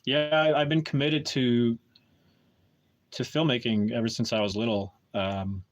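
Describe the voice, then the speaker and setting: A man's voice: mid-range voice, steady tone, a little slow. A man chatting casually with viewers on a live stream at home, talking hesitantly with many restarts and fillers.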